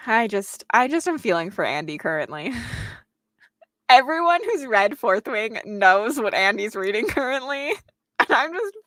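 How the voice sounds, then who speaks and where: A woman's voice: fairly high pitch, very animated, a little slow, fairly bright tone, no room sound. A young woman hosting a casual reading livestream, reading viewer comments aloud and chatting back to them. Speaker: booktuber host reading chat aloud.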